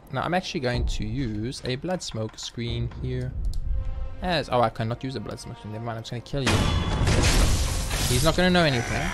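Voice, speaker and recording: A young man commentating his own gameplay, swearing freely and ranting in frustration, sometimes shouting at the game. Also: medium pitch, slight background noise. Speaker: let's play gamer. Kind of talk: gaming commentary. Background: faint game music.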